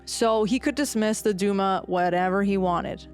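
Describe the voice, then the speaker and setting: Young woman podcast host, animated storyteller, faint music under her. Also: mid-range voice, moderate pace. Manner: animated storyteller, puts on voices and laughs often. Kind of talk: casual history chat.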